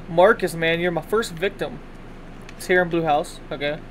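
A young man giving live gameplay commentary as a gaming YouTuber, excitable and taunting, often bursting into yells at other players. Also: on the high side, measured pace, a little hiss or hum.

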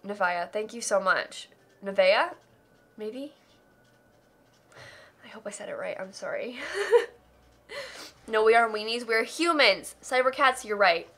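A woman's voice: medium pitch, a little slow, pauses often, fairly bright tone. A tired young woman streamer on a live charity stream, reading donation messages aloud and gushing thanks, laughing on the edge of tears. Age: young adult.

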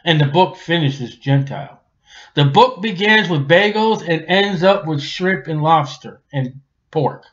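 A man with a high voice preaches a Bible sermon in a folksy, conversational way. His delivery swings between loud exclamations and hushed asides. The recording sounds dull and lo-fi. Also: unhurried. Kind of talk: expository sermon.

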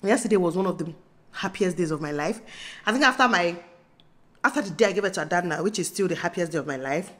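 A woman in her thirties with a Nigerian accent, chatting excitedly to camera in a casual vlog, bubbly and laughing often. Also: on the low side, fast talker. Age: 30s. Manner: bubbly, laughing, breaks into squeals. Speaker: vlogger.

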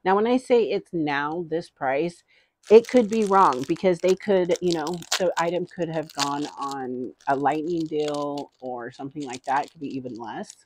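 A woman's voice: low-pitched, normal speed, darkish tone, a little hiss or hum. A middle-aged woman vlogger in casual, rambling haul chat, giggling often.

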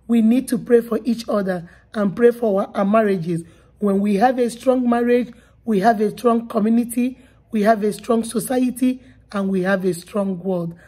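A woman's voice: a little high, mellow, husky. A woman hosting a channel, speaking earnestly and directly to her viewers after a sermon clip. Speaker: channel host. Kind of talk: casual commentary to viewers.

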